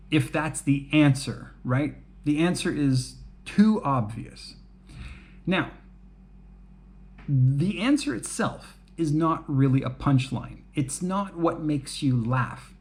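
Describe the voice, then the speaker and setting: A man explaining things to English learners at a slow, easy pace. His voice sits a bit high for a man. He keeps it relaxed and chatty, checking in with "right?" and laughing at his own jokes. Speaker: English teacher.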